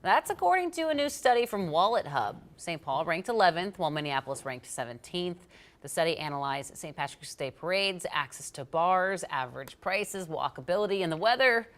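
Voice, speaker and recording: News anchor lady, really low voice, chill conversational read. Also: lively intonation, brisk, a bit bright.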